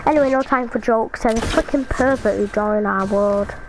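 A young woman chatting casually while playing an online game, excitable and jumpy, with squealing reactions. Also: on the high side, normal speed, background noise. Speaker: gamer. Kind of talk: casual gaming chat.

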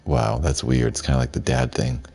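Very deep-voiced man reading a game aloud. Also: moderate pace, vocal fry, faint music behind. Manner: reads the subtitles aloud flatly, with asides. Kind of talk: casual live-stream narration of a game.

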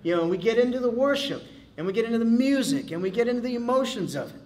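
A man leading a men's Bible study in an animated, casual way, acting out quotes as he teaches. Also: very high-pitched, fast. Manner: animated, casual, acts out quotes, many fillers.

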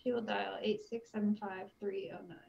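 A woman's voice: medium pitch, fairly even intonation, normal speed, creaky, a little mellow. A woman playing a tabletop game, speaking playfully. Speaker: player. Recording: dull lo-fi mic.

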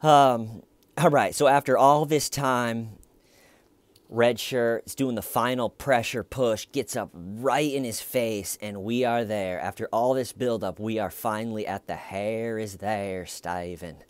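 Slow, low-voiced wry commentator. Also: male voice, clean tone, dry recording. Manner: wry, musing, with hesitant restarts. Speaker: true crime commentator. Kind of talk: casual video commentary.

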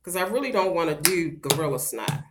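A middle-aged woman chatting on a casual livestream, loud and playful, breaking into laughter and talking straight to her viewers while she does her hair at home. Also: on the low side, fairly quick, noisy background. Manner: slangy and animated, talks straight to viewers. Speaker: vlogger doing a livestream.

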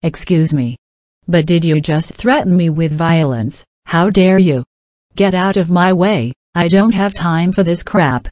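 A woman's voice: lowish voice, a little slow, darkish tone, dry recording, lightly acted. A woman playing an entitled, pushy middle-aged woman who talks in an indignant, demanding, scolding way.

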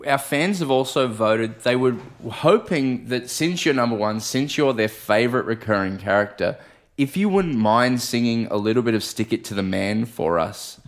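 A man hosting a podcast, teasing a caller in a deadpan way during casual banter. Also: mid-range voice, moderate pace. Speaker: podcast host.

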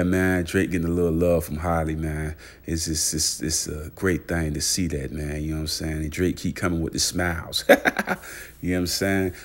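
A man hosting a casual celebrity news vlog, repeating fillers and shout-outs and hyping his viewers. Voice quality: gravelly low voice. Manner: repetitive hype with constant fillers and shout-outs. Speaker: channel host.

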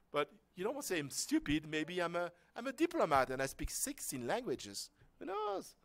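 Guy teaching a workshop, kinda high voice, dry sound, rambles and restarts a lot. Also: wildly swooping pitch, moderate pace, creaky, dry recording. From France. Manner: conversational, rambling with restarts and rhetorical questions. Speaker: workshop lecturer. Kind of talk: informal lecture to a class.

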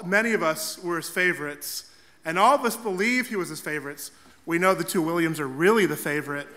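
A man's voice: fairly high pitch, pushed and bright. A young man, a Catholic priest, giving an earnest, heartfelt eulogy for his grandfather in a church. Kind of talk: funeral eulogy.

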